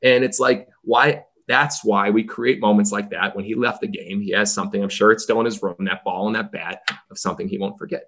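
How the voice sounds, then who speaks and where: A man who runs a baseball team, telling stories as a podcast guest in an energetic way that acts out the voices he quotes. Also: fairly low pitch, fairly quick, hardly any pauses.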